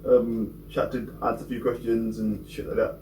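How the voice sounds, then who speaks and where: A young man co-hosting a casual podcast, recapping events in a quick, slangy way. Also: medium pitch, monotone, darkish tone. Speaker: podcast co-host. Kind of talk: casual chat. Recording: echoey room, mic at a distance, faint hum.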